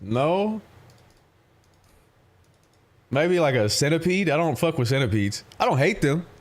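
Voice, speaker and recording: A male streamer chatting casually on a live stream, his voice sitting a bit high for a man. He rambles through profane stories and breaks into laughter often. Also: big pitch swings, normal speed. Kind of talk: casual livestream chat with viewers.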